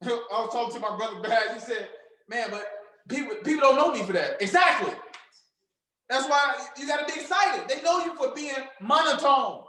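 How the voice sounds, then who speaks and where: A man with a strikingly high voice leads a fired-up sales seminar. He preaches and shouts to his team and acts out phone calls as he goes. The room rings with echo. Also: lively intonation, moderate pace. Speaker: sales trainer speaking to a team. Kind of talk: hyped motivational seminar talk.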